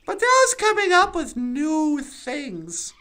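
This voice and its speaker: A woman's voice: high-pitched, huge pitch swings, slow pace, sharp tone. A woman telling stand-up stories in a sardonic way, acting out other people's voices as she goes. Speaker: comedian. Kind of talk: stand-up storytelling.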